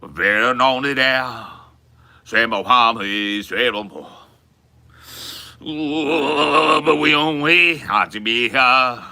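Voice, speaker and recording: A man mocking a nineties grunge singer, singing in a loud, slurred, mumbling way. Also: mid-range voice, slow, voice pushed up, heavily acted. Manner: loud, exaggerated mock singing.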